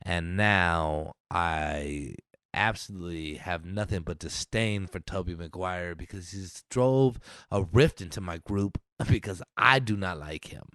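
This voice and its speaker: A man co-hosting a casual podcast, talking in a lively way, swearing and laughing often. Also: deep voice, a little slow, no echo, clean studio sound. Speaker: podcast co-host.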